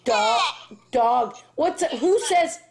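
A woman with a high, sing-song voice speaks very slowly in playful baby talk, asking a toddler simple questions and making animal sounds. A faint hiss of home-camera noise sits underneath. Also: big pitch swings, creaky.

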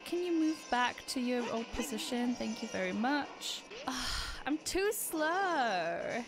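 A woman streamer giving excitable let's-play commentary, gasping and laughing as she reacts to the game. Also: on the high side, slow. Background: game music.

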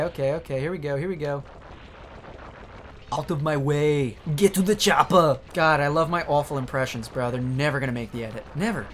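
A man giving profane, joking commentary as he plays a video game, reacting loudly to the screen. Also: a little high, slight background noise. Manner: excitable, swearing, joking at the screen. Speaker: let's play streamer.

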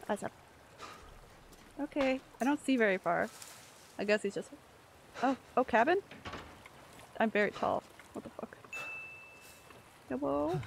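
Woman, game streamer, jumpy, gravelly, unhurried, faint hiss behind. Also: fairly high pitch. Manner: jumpy, reacts aloud, talks to chat. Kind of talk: live gameplay commentary. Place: home room.

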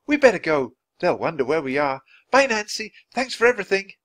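A man's voice: high voice, brisk, voice pushed up. A man voicing an eager, talkative young girl in a storybook reading. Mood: chatty. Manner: excited, chatty.

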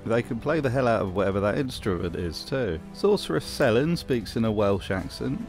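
Guy doing a jokey game-voice breakdown, lowish voice, soft music under. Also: expressive, brisk. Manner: wry, jokey commentary. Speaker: video essayist. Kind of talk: scripted narration.

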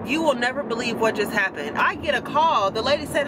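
A woman's voice: brisk, background noise. Chatty young woman vlogging. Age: 20s. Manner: chatty, animated storytelling, high-pitched when quoting others. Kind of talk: casual chat.

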